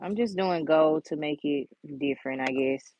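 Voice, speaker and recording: A woman with a lowish voice talks her viewers through doing her own nails in a relaxed, chatty way, calling them y'all and honey. The sound is dry and a little dull, like a modest home recording. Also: moderate pace, no echo. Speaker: nail tutorial vlogger. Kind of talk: casual how-to chat.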